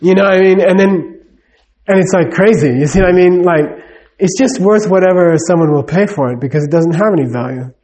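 Rambling man, fairly high voice. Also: brisk, darkish tone. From United States. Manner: conversational, full of "uh" and "you know what I mean". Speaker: speaker giving a talk. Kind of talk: casual, rambling talk.

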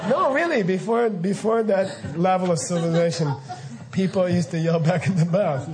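Animated laughing male spiritual teacher. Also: sits high, moderate pace. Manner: animated, laughing, mock-incredulous asides. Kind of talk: informal dharma lecture.

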